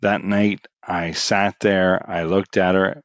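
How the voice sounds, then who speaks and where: A middle-aged man telling a personal story in a casual, animated way, his voice rising for the punchlines. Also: deep voice, slow, no room sound.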